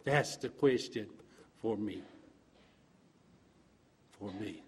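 A man giving an earnest, informal church testimony, questioning himself and often trailing off quietly. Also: on the low side, drawn-out words, slight background noise. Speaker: church member sharing a reflection.

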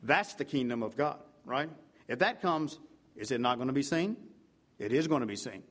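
A man preaching a sermon with fervor, repeating "I tell you what" and swinging from loud emphatic peaks to low hushed passages. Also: animated, moderate pace.

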